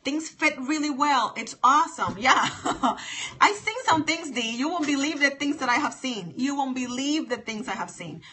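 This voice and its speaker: Sassy, bright-voiced woman livestreaming. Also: sits high, animated, normal speed. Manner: emphatic, repeats her points, sassy. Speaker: livestream host. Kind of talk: casual livestream chat with viewers. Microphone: phone.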